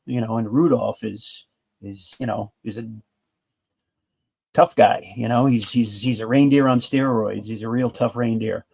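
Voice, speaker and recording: Gravelly-voiced man rambling through a comic review. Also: mid-range voice, fairly even intonation, normal speed, darkish tone. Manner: enthusiastic, rambling retelling with frequent restarts. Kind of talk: casual comic book review.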